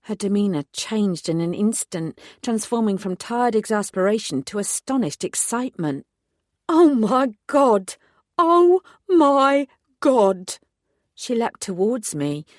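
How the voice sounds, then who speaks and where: A woman narrates a first-person audiobook, telling the story in a measured, even way. Her voice is mid-range, and the studio recording is clean and dry.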